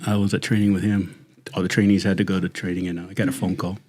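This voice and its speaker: A man's voice: low-pitched, little pitch movement, fast talker, darkish tone. A middle-aged man, a retired deputy, telling stories in a casual chat, laughing and swearing freely. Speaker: retired sheriff's deputy, guest.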